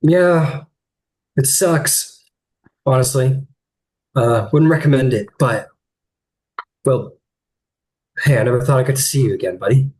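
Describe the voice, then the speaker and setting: A man's voice: mid-range voice, unhurried, pauses often, a little mellow, natural voice, low-quality recording. A man voicing a cheerful dead woman friend with a sing-song manner in a tabletop game. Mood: breezy. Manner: breezy and teasing.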